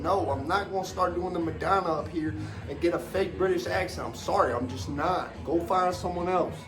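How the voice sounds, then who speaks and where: A man, a former wrestler ranting casually on a podcast, profane and rambling with lots of fillers. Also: high voice.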